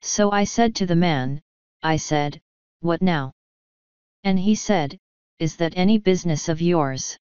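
A woman's voice: lowish voice, measured pace, long pauses, a little mellow, clear, resonant tone, no echo, lo-fi sound, natural voice. A woman voicing a chatty elderly midwife with folksy, g-dropping speech. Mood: earthy, knowing.

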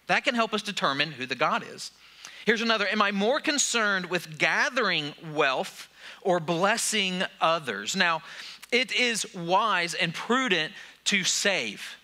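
Male pastor, high lively voice, very bright tone, casual sermon, rhetorical questions. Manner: conversational preaching with rhetorical questions.

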